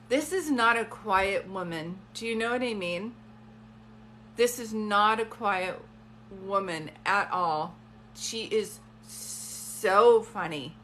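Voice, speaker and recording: A woman with a bright, forward voice leads a live-streamed reading from her phone, chatting in loose asides. A faint hiss and a soft hum sit under her voice. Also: medium pitch. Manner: chatty, warm-toned, rambling asides. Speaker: psychic medium.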